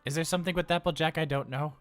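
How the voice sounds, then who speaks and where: This livestream role-player gives a fairly high, steady-toned voice to a cheerful but nervous male robot daycare worker, racing along with chatty, flustered rambling and stammers. Faint music plays behind him, and his voice stays near his natural one.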